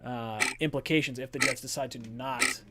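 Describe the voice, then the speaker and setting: A man's voice: mid-range voice, steady tone, normal speed, heavy background noise. A man hosting a sports fan call-in show, talking loosely and chattily with lots of filler words. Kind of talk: casual sports talk.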